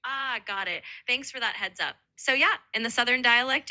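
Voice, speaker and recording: Bright upbeat AI assistant voice, female. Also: on the high side, brisk, hardly any pauses. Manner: upbeat, helpful, explanatory. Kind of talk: assistant chat, tutoring.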